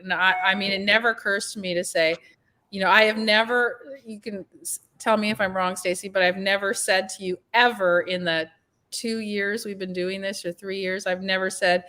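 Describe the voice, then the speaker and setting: A woman's voice: medium pitch, normal speed, a bit bright. A woman co-hosting a podcast in casual chat, talkative and encouraging, laughing often. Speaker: podcast co-host.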